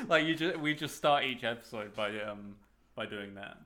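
Male co-host, animated pitch swings, dry sarcastic humor, loose casual chat. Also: unhurried. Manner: sardonic, lively banter. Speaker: podcast co-host.

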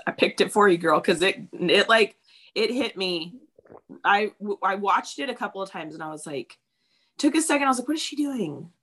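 A woman's voice: medium pitch, expressive, normal speed, fairly bright tone. A woman in her thirties talking candidly in casual chat, swearing freely and acting out what people said.

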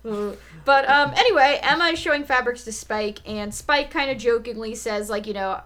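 A woman's voice: on the high side, a little fast, a bit bright, slight background noise. Chatty woman podcast co-host. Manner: chatty, laughs often, swears casually. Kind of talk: casual podcast chat recapping a show.

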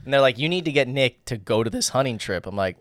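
A man's voice: medium pitch, fast talker, no room sound, clean studio sound. A man in casual chat, telling a story at an easy pace and quoting other people's words. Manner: relaxed, quotes others in story.

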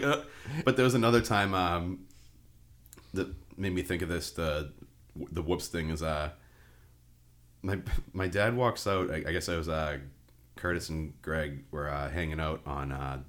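A man's voice: sits low, fairly bright tone. A man co-hosting a podcast, telling laid-back, rambling anecdotes with slang and swearing in casual chat. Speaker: podcast co-host.

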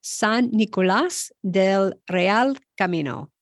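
A woman's voice: medium pitch, slow, no room sound, studio quality. A woman who is a native English speaker hosting a podcast language lesson, upbeat and self-deprecating as she prompts each word. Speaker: podcast host.

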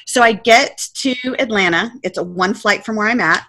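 A woman's voice: mid-range voice, moderate pace, a little hiss or hum. A woman in her forties, a podcast guest, telling her story casually and acting out her own panicked quotes. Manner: animated, acts out her past self's panicked quotes.

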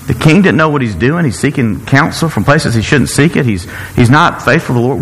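Male preacher, earnest sermon, halting delivery with repeated words, mid-pitched voice, long hall reverb. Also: animated, slightly rough.

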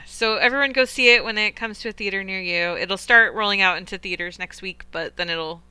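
A young woman hosts a film podcast in a relaxed, chatty way. She is eager and opinionated, with plenty of fillers. Her voice is bright and sits a little low. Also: clean tone, dry recording. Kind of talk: casual film review chat.

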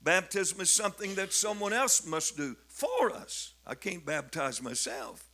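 This is an older man delivering a sermon. He preaches fervently in a bright, forceful voice that sits a bit high. He builds to emphatic declarations and often repeats his words. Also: very animated, measured pace. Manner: fervent, rising to emphatic declamation, with frequent repetitions. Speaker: bishop preaching.

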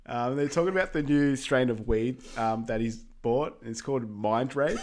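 A man's voice: mid-range voice, moderate pace, a little mellow, a little hiss or hum. A man co-hosting a podcast, recapping a film in an easygoing, amused way. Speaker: podcast co-host. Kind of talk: casual film recap chat.

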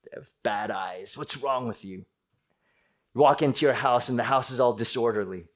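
Middle-aged guy preaching, animated, mid-pitch voice, jumps into loud angry voices. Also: normal speed. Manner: animated, acts out angry voices with sudden loud high bursts. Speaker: pastor. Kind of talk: sermon.

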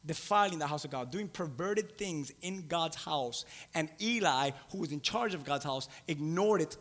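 A man's voice: a little high, fairly bright tone. A man preaching a sermon, emphatic and repeating key phrases for weight. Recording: long hall reverb.

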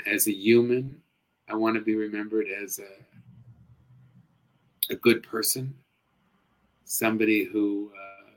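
A middle-aged man, a guest actor and comedian, chatting casually in an interview, expressive and animated, swinging between loud and hushed. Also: on the low side, rough recording.

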